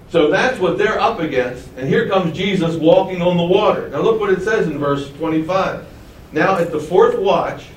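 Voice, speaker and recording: Male preacher, slightly high voice, chatty sermon with chuckles, echoey and off-mic. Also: slight background noise. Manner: conversational, chuckling asides. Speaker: preacher teaching the Bible. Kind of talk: sermon, Bible teaching. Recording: roomy and distant, faint ambience.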